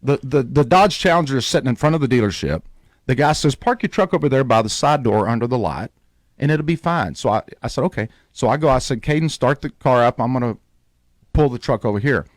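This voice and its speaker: A man's voice: medium pitch, fairly quick, dry recording. Guy on a radio show telling a story, acting out everybody's lines, dry studio sound. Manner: animated storyteller, acts out quoted voices.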